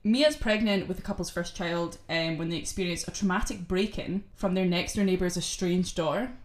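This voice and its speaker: A woman's voice: lowish voice, moderate pace. A woman, co-hosting a casual podcast chat, blunt and sweary, laughing often. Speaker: podcast co-host.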